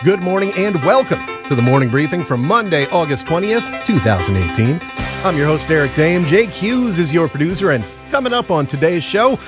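A man hosting a casual morning podcast, rambling and joking with his producer, with plenty of fillers. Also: a little high. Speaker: podcast host. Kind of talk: casual morning show chat.

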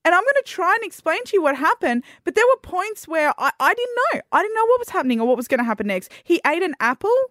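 A woman's voice: extremely high pitch, big pitch swings, fast talker, few pauses, fairly bright tone, no echo, studio quality. A young woman co-hosting a podcast, animatedly retelling a story and acting out her own panic in a casual chat. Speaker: podcast co-host.

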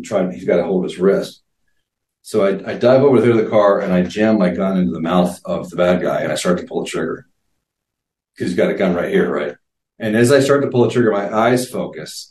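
A man's voice: deep voice, darkish tone. A man in his fifties, an interview guest, telling vivid stories earnestly with frequent restarts. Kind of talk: casual storytelling. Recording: roomy sound, distant from mic.

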